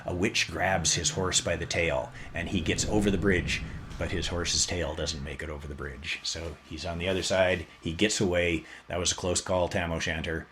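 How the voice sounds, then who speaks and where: A low-voiced man hosts a casual podcast and walks listeners through a story with a joking, animated delivery. His pitch leaps sharply upward whenever he wants to stress a point. A faint hiss sits under the recording. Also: moderate pace. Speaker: podcast host.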